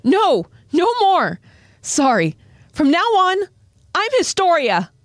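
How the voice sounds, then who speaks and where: An earnest young soldier girl who presses with questions, as a woman acts her out. Her voice sits high and clear above the performer's own. The recording is dry and close. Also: lively intonation, moderate pace, darkish tone, no echo. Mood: resolute.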